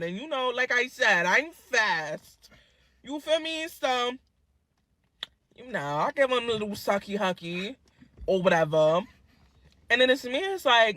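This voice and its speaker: A woman telling a story in a crude, animated way, swearing freely. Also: mid-range voice, measured pace, no echo. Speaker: vlogger. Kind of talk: casual storytelling.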